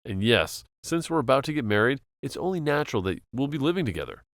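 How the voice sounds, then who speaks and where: A man's voice: medium pitch, sing-song, fast, no room sound, clean studio sound. A man voicing an exasperated young college student pushing back against his overbearing mother. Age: young adult. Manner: exasperated, pleading.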